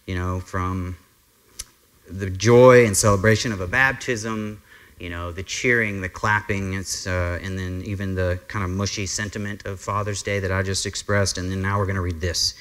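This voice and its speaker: A man's voice: deep voice, fairly even intonation, normal speed, a bit bright. A man preaching a Sunday sermon as pastor, talking in an earnest, conversational way with frequent fillers. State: briefly emotional. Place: church sanctuary.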